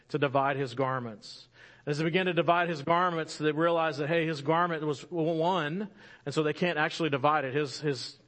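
A man preaching a sermon in an animated storytelling way, rising louder for emphasis and dropping soft and slow at key moments. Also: fairly high pitch.

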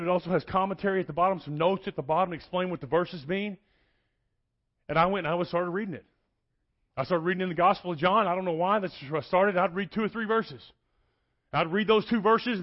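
Texan male preacher, middle-aged, high-pitched, animated and folksy, slightly dull lo-fi sound. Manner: folksy, animated, joking with the crowd. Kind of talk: energetic sermon. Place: church.

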